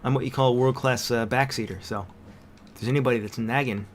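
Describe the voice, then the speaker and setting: A man's voice: mid-range voice, steady tone, fast talker. A man co-hosting a let's play, chatting casually and reading on-screen text aloud. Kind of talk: casual gameplay commentary.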